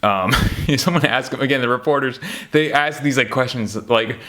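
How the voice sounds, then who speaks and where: A man talking casually about basketball at a middle pitch, rambling from one story to the next. He gets animated and worked up, often swinging up high when he gets excited, then dropping low and quiet again. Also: normal speed. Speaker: podcast host ranking basketball players. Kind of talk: casual chat.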